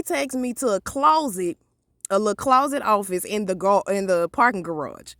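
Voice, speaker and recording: A woman, telling a profane, animated story in a vlog. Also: medium pitch, moderate pace, no room sound, studio quality. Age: 30s. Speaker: vlogger.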